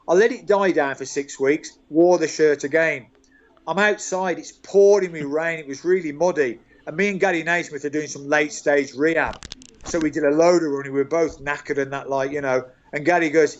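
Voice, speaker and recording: An older man with a Birmingham accent tells story after story in an animated, chuckling way, pitched a touch high for a man. His voice comes through dull, lo-fi video-call audio. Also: normal speed. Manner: animated storyteller, chuckles through tales, calls people mate. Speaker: guest, former club staff. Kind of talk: anecdotal interview storytelling.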